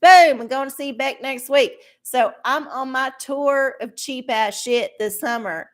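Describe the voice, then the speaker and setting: A woman's voice: sits high, a little slow. A woman hosting a live stream of oracle card readings, chatting casually with viewers in a rambling, profane way. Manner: profane, rambling, laughs often. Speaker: livestream host giving oracle card readings.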